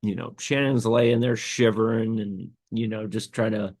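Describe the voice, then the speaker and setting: Man, low voice, dry close sound, choked up, rambling podcast storytelling. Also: fairly even intonation, normal speed, darkish tone, no room sound. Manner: rambling, many fillers and restarts. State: tearful, choked up. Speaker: podcast host. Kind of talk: personal storytelling.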